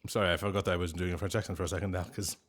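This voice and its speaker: A man's voice: low-pitched, little pitch movement, rapid-fire, slightly rough. A man, chatting casually on a live stream, reading chat and making playful, mock-grand pronouncements.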